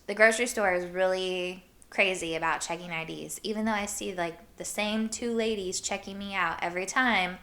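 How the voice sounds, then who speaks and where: Podcast host, woman from Iowa; bright, sharp voice; loose, chatty storytelling, filler-heavy. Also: medium pitch. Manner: rambling, full of "like", laughs often. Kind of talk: casual storytelling chat.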